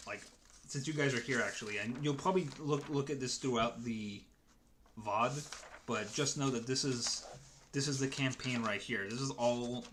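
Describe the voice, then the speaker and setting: A man's voice: medium pitch, noisy background. A man chatting casually to his stream viewers as a dungeon master, rambling and hesitant with many restarts.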